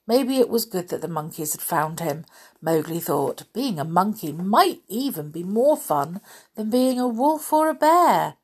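Slow breathy woman reading a children's story. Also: medium pitch, very animated. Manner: gentle, chatty, with fillers between sentences.

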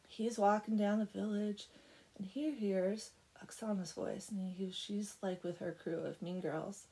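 A young woman casually retells a folk tale as a comic story, sprinkling in chatty, sarcastic asides. Her mid-range voice is warm and fairly even in intonation, delivered at a measured pace.

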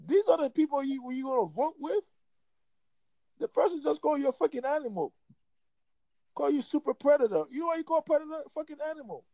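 Man with a very high, gravelly voice giving a heated, profane rant in a dry, close sound. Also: lively intonation, brisk, pauses often, warm tone, no echo, rough recording. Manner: heated, profane, emphatic ranting. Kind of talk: casual opinionated chat.

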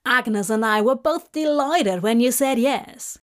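A woman reading a story aloud and voicing a bright, polite young woman. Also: fairly high pitch, unhurried, natural voice. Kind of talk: fanfic audiobook reading.

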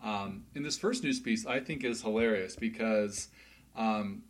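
A man's voice: on the low side, a little slow. A man hosting a casual gaming podcast, chatting loosely with lots of fillers and restarts and laughing easily. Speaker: podcast host.

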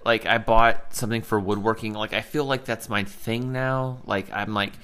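Man, very deep voice, podcast co-host, casual rambling chat, jokey. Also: little pitch movement, normal speed, fairly bright tone, smooth. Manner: rambling, jokey, trails off with fillers.

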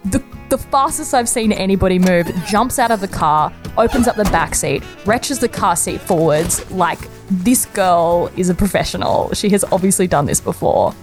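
A young woman telling a personal anecdote in a chatty, conversational way, laughing often. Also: mid-range voice. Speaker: storyteller.

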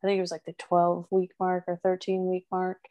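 A woman in casual chat with a friend, emotional and chatty, with quick bursts of speech. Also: lowish voice, completely flat delivery, mellow. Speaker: friend and mother.

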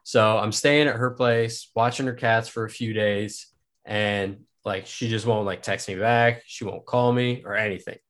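Young man, low voice, loose chatty storytelling, lots of fillers, curses freely. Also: steady tone, measured pace, a bit bright. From Kansas. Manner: rambling, heavy use of filler words and swearing. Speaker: podcast guest. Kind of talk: casual personal storytelling.

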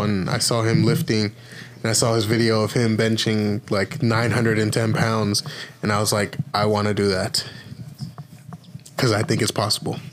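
A man's voice: lowish voice, a little hiss or hum. A young man co-hosting a casual podcast, talking in a rambling, hesitant way with lots of fillers. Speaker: podcast co-host. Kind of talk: casual chat.

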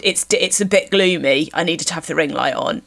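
A woman hosting a podcast in casual chat, self-deprecating and quick to laugh. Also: low-pitched, creaky, a bit bright. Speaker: podcast host.

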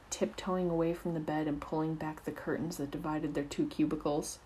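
A woman narrating fan fiction aloud in a steady, expressive storytelling voice. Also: low voice, fairly quick, few pauses, a little hiss or hum, rough recording.

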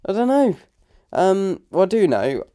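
A man's voice: high-pitched, unhurried, smooth. A man co-hosting a podcast, chatting casually and acting out voices in his stories. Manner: animated storytelling, acts out quoted voices. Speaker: podcast co-host. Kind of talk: casual chat.

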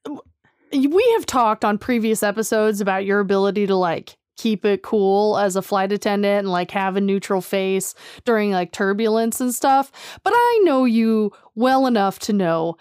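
A woman's voice: medium pitch, moderate pace, a little mellow, clear, resonant tone, dry recording, clean studio sound. A woman co-hosting a podcast in casual chat, reacting with laughs and wry quips. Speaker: podcast co-host.

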